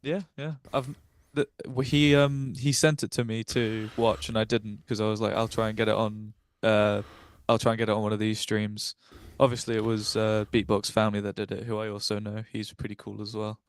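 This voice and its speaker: A man with a low, monotone, smooth voice, recorded dry and close. He speaks hesitantly as a livestream guest, filling gaps with ums and uhs and trailing off. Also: brisk, hardly any pauses. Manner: hesitant, many fillers, self-conscious. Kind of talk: casual livestream chat.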